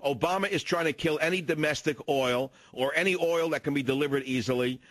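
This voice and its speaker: A man's voice: a little high, brisk, fairly bright tone, dry recording. An older man hosting a talk radio show, telling indignant stories in a ranting, opinionated monologue into a studio mic.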